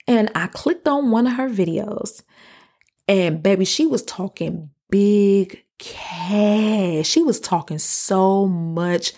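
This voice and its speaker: A woman in her thirties hosting a podcast, telling a personal story in a casual, slangy way and jumping into high-pitched quoted voices. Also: takes it slowly, mellow. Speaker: podcast host.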